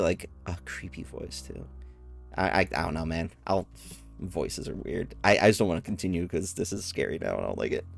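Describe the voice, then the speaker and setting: A young man with a low, gravelly voice who reads a horror visual novel aloud and breaks off to react. He rambles nervously and stumbles into stammered restarts. Faint music plays behind him. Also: lively intonation, brisk. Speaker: gamer reading a visual novel.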